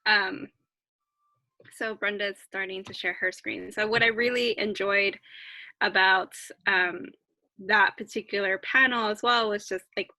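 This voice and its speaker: A woman's voice: mid-range voice, steady tone, a little slow, pushed and bright, no room sound, rough recording. A woman co-hosting a podcast, chatting casually and eagerly with lots of fillers. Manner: enthusiastic, many fillers. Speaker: podcast co-host. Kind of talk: casual chat.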